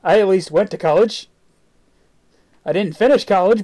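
A game streamer talks live over gameplay in a mid-pitched voice. The commentary is rambling and loose, full of sarcastic asides. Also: normal speed, long pauses, dark tone.

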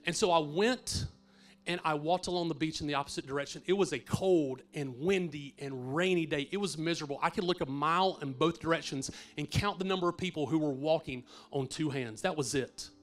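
Man, pastor, sermon testimony, earnest, fairly high voice, hushed to emphatic. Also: fairly quick.

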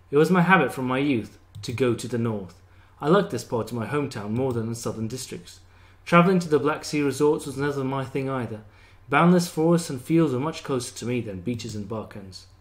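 A young man steadily reading a visual novel aloud as a first-person narrator for his channel. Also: medium pitch. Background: faint guitar music.

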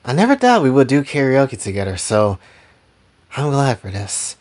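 A man voicing a tender young husband who speaks softly, earnest and reassuring. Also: medium pitch, wildly swooping pitch, moderate pace.

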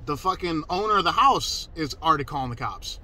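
A man's voice: on the high side, expressive, brisk, sharp tone, low-quality recording. A man telling a personal story in a casual, emphatic way, cursing freely and restarting his sentences. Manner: profane, emphatic, self-interrupting.

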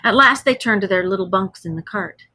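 Husky-voiced woman reading aloud to kids. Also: mid-range voice, bright, forceful tone. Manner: pauses to explain words. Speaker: teacher. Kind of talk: reading a story aloud to children.

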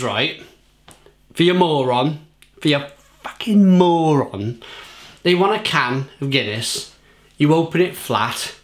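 A man's voice: mid-range voice, a bit bright. Give me a British man ranting angrily to camera, swearing and rambling. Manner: sweary, rambling, repeats himself. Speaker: beer reviewer and pub manager. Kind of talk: angry rant to camera.

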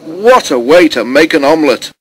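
A man's voice: fairly high pitch, animated, normal speed, husky, pitched above the performer's own voice, poor audio. A man voicing a middle-aged country farmer who grumbles ruefully about his lorry. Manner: muttering, rueful.

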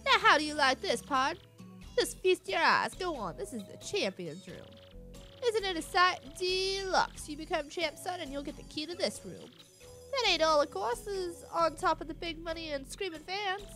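A woman's voice: very high voice, animated, moderate pace, sharp tone, faint music behind, voice pushed up, heavily acted. A woman voicing a folksy, boastful older male fight promoter with a drawl, reading game dialogue aloud. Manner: folksy drawl, calls everyone son.

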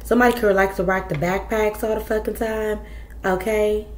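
A woman's voice: medium pitch, fairly even intonation, normal speed, echoey room, slight background noise. A woman giving a casual tarot reading, talking bluntly and chattily to her viewers with plenty of profanity. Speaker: tarot reader.

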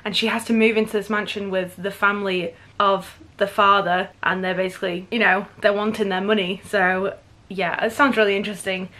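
A woman's voice: mid-range voice, level tone, a little fast, bright, forceful tone. A woman in her twenties chatting enthusiastically about books she bought, gushing and chatty. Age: 20s. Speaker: book vlogger. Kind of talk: casual book haul vlog.

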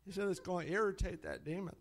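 A man's voice: high voice, fast talker, creaky. A middle-aged man preaching, telling stories with frequent hallelujahs and laughter. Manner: animated, exclaims hallelujah often, laughs at own stories. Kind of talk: sermon storytelling.

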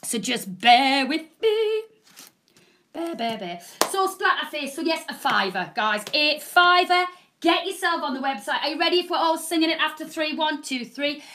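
A bubbly, loud woman in her forties hosting a live selling show. Her voice sits high for a woman, and she chats fast and warmly with viewers as she pitches products. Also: lively intonation. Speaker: shopping channel presenter. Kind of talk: live selling stream, chatty. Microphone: proper microphone.

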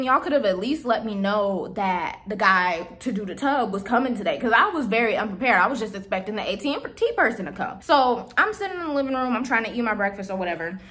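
A young woman in her twenties casually retelling a story to her viewers, animated and exasperated, acting out the dialogue. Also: fairly high pitch. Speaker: vlogger telling a storytime.

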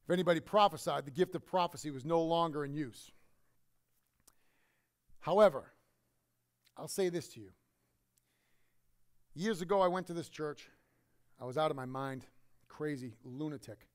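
A middle-aged pastor preaching a sermon, telling a personal story with emotion, swinging from loud emphasis to hushed quiet. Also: male voice, a little high, normal speed, long pauses.

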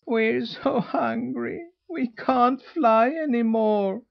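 A man voicing a flock of young goslings who wail plaintively in drawn-out cries. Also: very high voice, creaky, dull audio, pitched above the performer's own voice, full character voice.

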